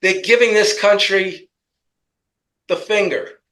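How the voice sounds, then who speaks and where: A man's voice: high-pitched, fairly even intonation, slow, fairly bright tone, low-quality recording. A man with a New York accent in casual political commentary, telling rambling stories with jokes. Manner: rambling joking storyteller.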